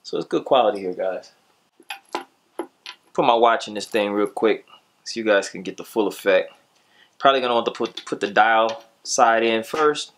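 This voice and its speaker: A man's voice: on the low side, moderate pace, pauses often, a little hiss or hum. Laid-back slangy male gadget reviewer. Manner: upbeat, louder sign-off. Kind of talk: casual product review vlog.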